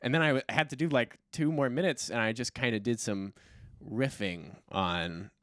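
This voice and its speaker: A man's voice: medium pitch, normal speed, a bit bright, dry recording, studio quality. A man who is a stand-up comedian, chatting casually as a podcast guest in a rambling, self-deprecating way.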